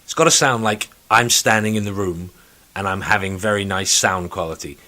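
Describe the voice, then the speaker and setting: A man's voice: fairly low pitch, normal speed, sharp tone. Ranting man on a podcast. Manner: ranting, swears freely, mimics people in put-on voices. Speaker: podcast host. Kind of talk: casual chat.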